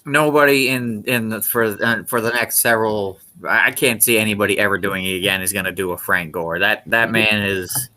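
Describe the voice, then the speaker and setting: A man's voice: on the low side, fairly even intonation, a little fast, hardly any pauses, bright, forceful tone. A man co-hosting a podcast in casual chat over a video call, rambling and restarting his sentences. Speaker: podcast co-host.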